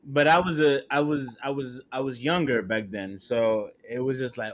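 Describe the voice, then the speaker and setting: Animated, swearing man, slightly high voice. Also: a little fast, hardly any pauses. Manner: animated, profane storyteller. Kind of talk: casual live-stream banter.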